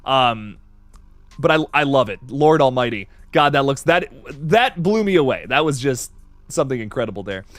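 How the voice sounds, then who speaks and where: A man hosting a live horror-movie stream, excitable, laughing often and reading viewer comments aloud. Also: medium pitch, normal speed, dry recording, faint music behind. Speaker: livestream host.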